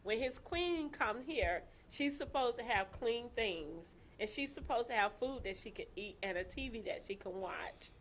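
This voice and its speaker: A woman telling her own story in casual chat, animated and laughing, acting out the voices of people she quotes. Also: a little high, normal speed, few pauses, slight background noise.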